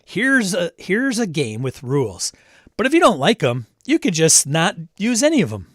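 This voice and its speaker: A man's voice: high voice, huge pitch swings, moderate pace, fairly bright tone, no room sound. Chatty male stream host, dry sound. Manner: chatty, reads chat aloud, greets viewers by name, snarky asides. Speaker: livestream host. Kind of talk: casual live-stream chat.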